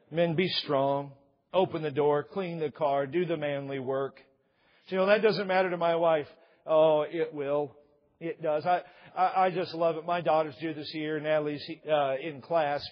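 A man's voice: fairly high pitch, lo-fi sound. A middle-aged man preaching a sermon with jokes, often putting on the voices of husbands and wives. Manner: joking, acts out couples' voices. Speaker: pastor. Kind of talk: humorous sermon.

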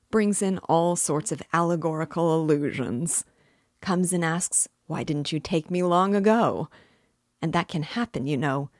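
A woman's voice: sits low, darkish tone, dry recording, studio quality. A woman doing a fussy, needling magistrate. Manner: chatty, mock-solicitous, needling. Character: fussy ironical middle-aged male magistrate.

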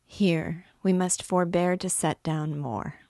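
A woman reads a classic novel aloud in a low, unhurried voice. Her storytelling is measured and expressive, with a dry, close sound and no room echo. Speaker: book reader and guide. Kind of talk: literary read-aloud narration.

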